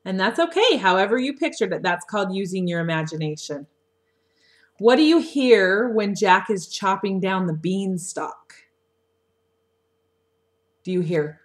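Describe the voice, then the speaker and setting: A woman teacher talking a young class through a story lesson, asking gentle questions, recorded on a webcam microphone. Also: mid-range voice, animated. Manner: slow, coaxing questions to children. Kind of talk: read-aloud lesson for young children.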